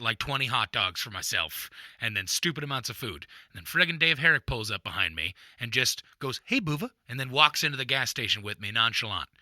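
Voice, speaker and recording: A man's voice: mid-range voice, no room sound. A man co-hosting a faith podcast, casually chatting and acting out quotes as he tells a story. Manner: animated storyteller, acts out quotes. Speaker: podcast co-host. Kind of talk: casual chat.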